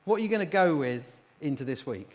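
A man's voice: on the high side, expressive, fast. A man preaching as a pastor, earnestly leading his congregation in call-and-response prayer. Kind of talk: sermon and closing prayer. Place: church hall. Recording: reverberant hall, faint hum.

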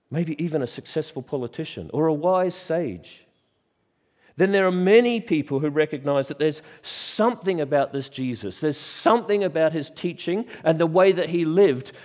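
A slightly high, slightly mellow male voice carries through a large hall as he preaches a church sermon. With emphatic stress on key words and dramatic pauses, he poses the same sort of rhetorical questions over and over.

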